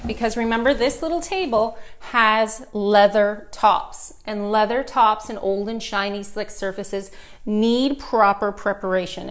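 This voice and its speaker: A middle-aged woman with a Canadian accent, giving a chatty, upbeat live furniture painting tutorial and talking straight to her viewers. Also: medium pitch.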